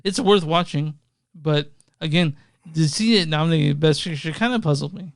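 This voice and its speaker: A man from Texas co-hosting a podcast in casual chat, halting and repeating words, laughing often, on a close podcast mic. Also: on the high side, vocal fry, no echo. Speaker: podcast co-host.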